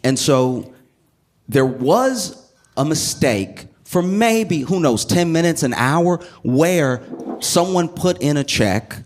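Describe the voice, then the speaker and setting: Comedian, male, fairly high voice, lively stand-up storytelling. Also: slow pace. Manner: animated storytelling with laughter.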